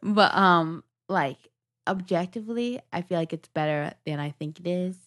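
A woman's voice: on the low side, normal speed, fairly bright tone. A young woman co-hosting a casual film review podcast, playful and jokey, sometimes dropping to a whisper. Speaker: podcast co-host.

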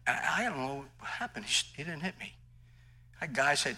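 A man's voice: a little high, animated, normal speed, bright, forceful tone, slightly rough, low-quality recording. A male pastor preaching a sermon in an emphatic, conversational way, mixing scripture with personal stories.

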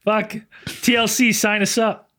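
A man's voice: high voice, little pitch movement, unhurried, fairly bright tone, slight background noise. A man co-hosting a podcast, rambling and laughing often in casual chat. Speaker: podcast co-host.

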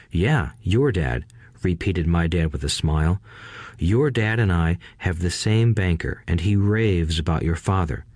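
A deep-voiced, slightly mellow man narrates an audiobook from a script. The recording is dry, with clean studio sound.

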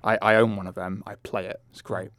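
A man co-hosting a casual film review podcast, talking hesitantly with fillers and often trailing into a low mumble. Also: little pitch movement, fairly quick, fairly bright tone, no echo, studio quality. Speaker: podcast co-host.

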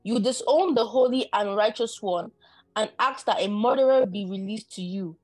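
A woman reading scripture aloud in a steady, deferential way during a sermon. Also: mid-range voice, moderate pace, no room sound, faint music behind. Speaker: scripture reader.

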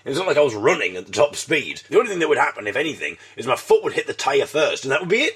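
A man with a slightly husky voice hosts his own podcast, telling comic stories. His pitch rises and falls in a lively way as he mocks himself and drops puns. His delivery stays wry throughout. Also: rapid-fire, few pauses. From Britain. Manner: wry, self-mocking storytelling; fond of puns. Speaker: podcast host. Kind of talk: comic monologue.

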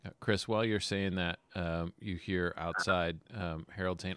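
A man narrating as game master in a relaxed way, with hesitant fillers. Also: lowish voice, a little slow, noisy background.

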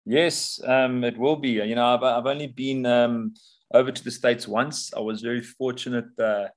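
Relaxed, chatty young man guest. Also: medium pitch, normal speed. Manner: relaxed, chatty, laughs often, frequent "eh?" tags. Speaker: guest coach. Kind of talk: casual interview.

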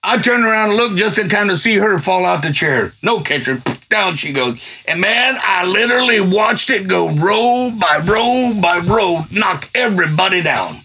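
A middle-aged man telling a personal faith testimony in colloquial, excitable storytelling that swells into fervent near-shouting. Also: high-pitched, normal speed, a little hiss or hum. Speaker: guest giving a testimony.

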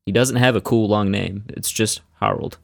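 A man co-hosting a comedy podcast, trading dry, deadpan quips in casual chat. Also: on the low side, moderate pace, creaky. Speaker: podcast co-host.

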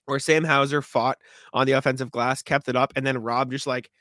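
A man co-hosting a podcast in casual sports chat, rambling with restarts and clearing his throat, hiccuping. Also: medium pitch, little pitch movement, fairly quick, sharp tone, no echo, studio quality. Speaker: podcast co-host.

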